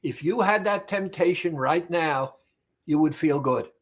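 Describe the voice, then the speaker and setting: A man, a therapist, speaking directly to the listener about weight loss in a deliberate, repetitive, emphatic monologue. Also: on the high side.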